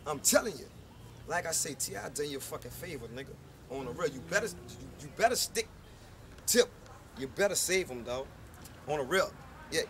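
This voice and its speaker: High-voiced New Orleans man ranting on the street. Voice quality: profane, boastful, confrontational street talk. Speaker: rapper. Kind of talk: unscripted street vlog rant. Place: outdoors on a neighborhood street. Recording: loud street noise with passing cars.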